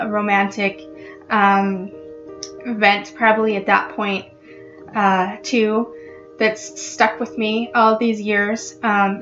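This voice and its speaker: A woman vlogger explaining a poem in a casual, halting way, with many ums and restarts. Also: on the high side, lo-fi sound. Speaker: literary vlogger.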